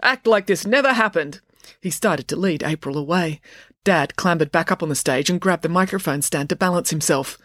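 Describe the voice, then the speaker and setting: Casting: woman narrator for a kids' audiobook, expressive, dry close studio sound. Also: deep voice, brisk, dry recording.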